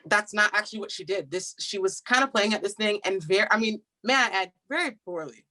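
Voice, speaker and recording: A woman, a stage actress on a podcast, talking about her roles in an animated, goofy way. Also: mid-range voice, brisk, a little hiss or hum. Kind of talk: casual interview chat.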